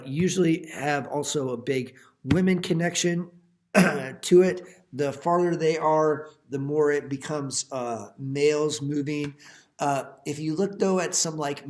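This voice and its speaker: A man who teaches high school, giving a recorded lecture over slides with jokey, folksy asides to his students. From Iowa.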